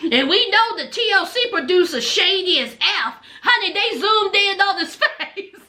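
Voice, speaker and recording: A woman's voice: very high voice, lively intonation, normal speed, pushed and bright. A woman giving a sassy, dramatic gossip recap of a reality TV episode, calling her viewers honey and y'all.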